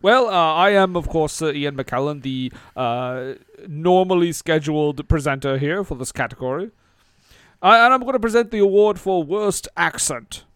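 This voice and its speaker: A man's voice: on the high side, lively intonation, normal speed, fairly bright tone, smooth, no room sound. A man doing a stammering impression of an elderly British actor, putting on a British accent and sounding pompous and indignant. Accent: put-on British.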